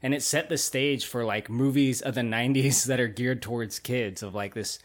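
A man's voice: mid-range voice, steady tone, normal speed. A man in his thirties, a podcast host, chatting loosely about old movies, swearing and laughing often. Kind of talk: casual chat.

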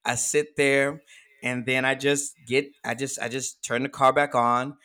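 A man in his forties telling a personal story in casual chat, animated and often laughing as he talks. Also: mid-range voice, measured pace. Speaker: guest storyteller.

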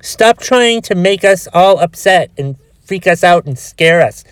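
A man's voice: high voice, animated, measured pace, smooth, dry recording. Frustrated swearing man ranting on a podcast. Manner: frustrated, swearing heavily, rambling with restarts. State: has a cold with a cough. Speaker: podcast host. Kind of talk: solo podcast rant.

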